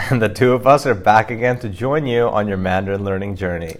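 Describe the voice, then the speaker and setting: Very low-voiced man co-hosting a language podcast. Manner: explains at length, quick and chatty with fillers. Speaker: podcast co-host teaching Mandarin. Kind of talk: casual podcast lesson.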